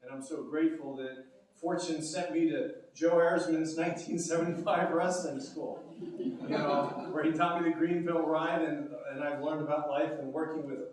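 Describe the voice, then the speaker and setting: A man in his sixties giving a rambling, heartfelt acceptance speech at a banquet, with halting restarts. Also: fairly high pitch, fairly even intonation. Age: 60s. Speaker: award recipient. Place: banquet hall. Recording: echoey banquet hall, distant mic.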